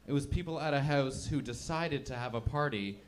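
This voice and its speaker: A man doing stand-up on a club stage, talking in an easy, chatty way at a middle pitch. He mocks himself and keeps slipping into little put-on voices. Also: a little fast. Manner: chatty, self-mocking, acts out voices. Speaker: stand-up comedian. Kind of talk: stand-up comedy set.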